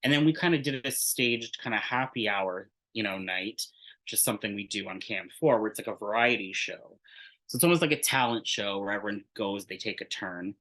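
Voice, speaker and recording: A man's voice: fairly low pitch, fairly quick, pushed and bright, rough recording. A man telling a story as an interview guest, casual and rambling, full of "like" and restarts, candid and swearing freely. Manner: rambling, heavy use of "like", frequent restarts.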